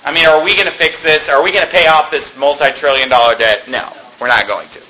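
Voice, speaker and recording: A pastor preaching an emphatic sermon, reading scripture aloud and shouting rebukes. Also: male voice, on the high side, steady tone, fast talker, a little hiss or hum, poor audio. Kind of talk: fiery sermon.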